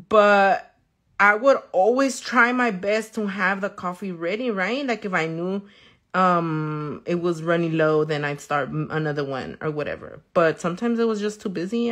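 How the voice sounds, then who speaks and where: A woman's voice: medium pitch, unhurried, a bit bright. A woman nail artist talking casually while she works, telling stories lots of swearing and slipping into now and then. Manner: loose and profane, chatty, reads viewer comments. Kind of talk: casual storytelling while working.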